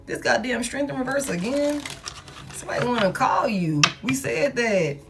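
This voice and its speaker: A woman's voice: fairly high pitch, moderate pace, over music. A woman giving a casual tarot reading, talking bluntly with lots of swearing and frequent laughter. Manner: blunt, profane, animated, laughs often. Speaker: tarot reader.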